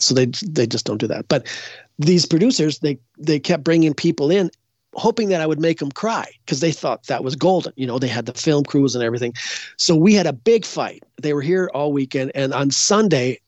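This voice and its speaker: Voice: medium pitch, darkish tone, no room sound. A psychic guest in a casual interview tells long stories in a loose, rambling way. The speaker keeps restarting and correcting sentences and slips into quoting other people. The recording sounds dull and lo-fi, with a dry, close feel. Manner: acts out other people's words when retelling.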